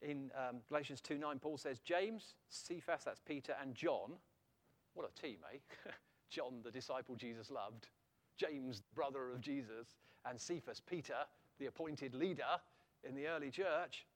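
A middle-aged man preaching a sermon in an animated way, throwing rhetorical questions back at his listeners. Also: medium pitch, measured pace.

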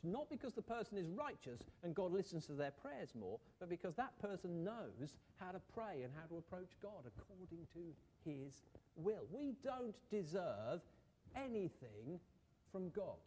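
A man's voice: high voice, very animated, a little slow, a little mellow, a little hiss or hum. A man preaching a sermon in a conversational way, asking rhetorical questions and briefly acting out the people in his story.

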